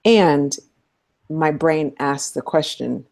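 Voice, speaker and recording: Low, mellow-voiced middle-aged woman, thoughtful. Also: unhurried. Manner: thoughtful, animated, laughs often. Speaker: social justice educator and guest. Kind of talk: conversational interview.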